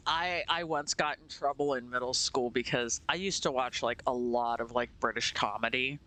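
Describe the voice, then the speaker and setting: A man's voice: medium pitch, normal speed, pushed and bright. A man from Pennsylvania, a streamer chatting casually while gaming, telling stories animatedly and laughing often. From Pennsylvania, USA.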